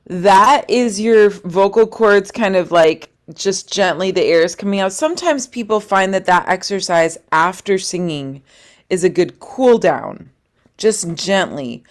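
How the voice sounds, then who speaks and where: A woman's voice: medium pitch, lively intonation, unhurried. A woman coaching a singing workshop online, chatty and encouraging. She sounds upbeat as she talks students through their voices. Heard over a video call.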